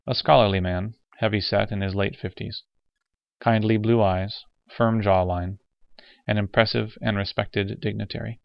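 A man reading a science fiction audiobook as narrator in a steady, measured way. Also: lowish voice, vocal fry, no echo. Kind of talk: scripted narration. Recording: dull, dry recording.

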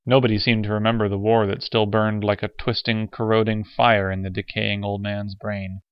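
A man reading a science fiction audiobook as narrator in a steady, measured way. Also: fairly low pitch, clean tone. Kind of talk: scripted narration. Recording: dull, dry recording.

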